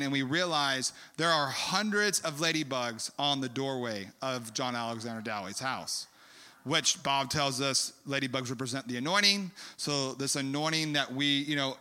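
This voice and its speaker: Animated preacher in a big echoing hall. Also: male voice, mid-range voice, clear, resonant tone. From California. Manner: animated, rambling storyteller with many fillers. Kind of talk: storytelling sermon. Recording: long hall reverb.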